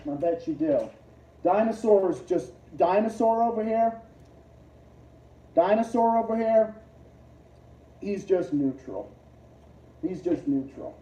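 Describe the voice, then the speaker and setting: A man hosting a livestream, ranting casually, profane and combative, jumping between loud outbursts and low mutters. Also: expressive, slow pace, long pauses. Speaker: livestream host. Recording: muffled, roomy, distant lo-fi mic.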